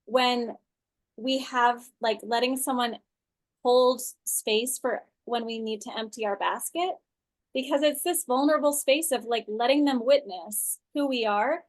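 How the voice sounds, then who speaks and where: A fairly high-voiced woman coaches a small online group over a video call. Her talk is loose and chatty, and she restarts sentences and fills gaps with "like" and "um" as she teaches. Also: unhurried. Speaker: women's coach leading an online class.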